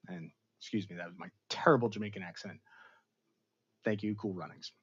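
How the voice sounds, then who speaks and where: A man's voice: lowish voice, a little fast, a bit bright, slightly rough, lo-fi sound. A man hosting a casual episode review, retelling the plot with dramatic emphasis and chatty asides. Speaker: pop culture show host.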